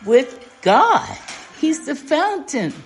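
A woman's voice: high voice, sing-song, drawn-out words, soft background music. An older woman leading an informal Bible study, talking in a folksy, conversational way and asking the group questions.

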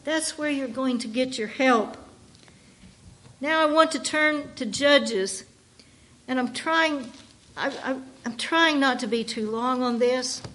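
A woman delivers a sermon in a high voice, taking her time. She leans hard on each phrase, stretching words out as she reads, and often restarts her sentences. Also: fairly bright tone. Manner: slow, emphatic reading with drawn-out words. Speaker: preacher.

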